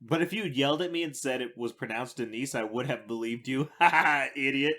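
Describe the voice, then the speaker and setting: A man's voice: mid-range voice, fairly quick. A man co-hosting a podcast, chatting casually in a wry, teasing way. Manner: wry, teasing, lively delivery. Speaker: podcast co-host. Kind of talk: casual comedic chat.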